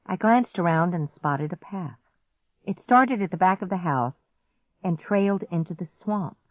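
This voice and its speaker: A woman narrating a children's story in the first person, slow and expressive. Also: on the low side, no room sound. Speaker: audiobook narrator. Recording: dry, slightly muffled audiobook recording.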